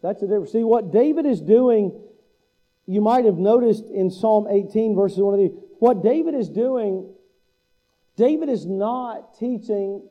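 A man's voice: high voice, muffled recording. A man preaching a sermon as pastor, asking the listeners a string of rhetorical questions and building to urgent emphasis.

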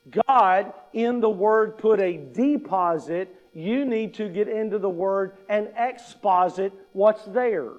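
A man with a high-pitched voice delivers a conversational sermon from a church pulpit. He leans on repetition, asking his listeners questions and restating each point. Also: slow, hardly any pauses, highs cut off. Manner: conversational, emphatic repetition, acts out quoted attitudes. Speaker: preacher.

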